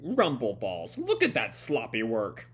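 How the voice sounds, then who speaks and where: A man's voice: medium pitch, wildly swooping pitch, a little slow, husky, pitched below the performer's own voice, exaggerated voice. A man voicing a mocking, scheming mad scientist while reading a comic aloud. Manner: mocking, goading.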